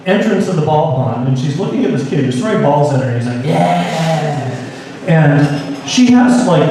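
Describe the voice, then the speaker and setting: Middle-aged guy from seattle doing stand-up, rambly, lots of ums, dry self-mocking jokes, somewhat high voice, super echoey room heard from a ways off. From Seattle, US Pacific Northwest. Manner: rambling, self-correcting delivery with many fillers; wry, deadpan self-mockery. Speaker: stand-up comedian. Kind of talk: stand-up comedy set. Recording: echoey live room, mic from a distance.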